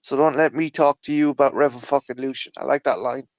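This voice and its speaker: A man's voice: medium pitch, brisk, highs cut off, noisy background. A man with an Irish accent, chatting casually and swearing a lot as he animatedly retells film scenes. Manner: swears constantly, animated storytelling. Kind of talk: casual chat.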